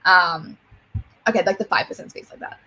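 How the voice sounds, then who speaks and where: A woman's voice: on the low side, moderate pace, sharp tone. Casual Australian woman chatting on a livestream. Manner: rambling, swears freely, many fillers. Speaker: livestream host.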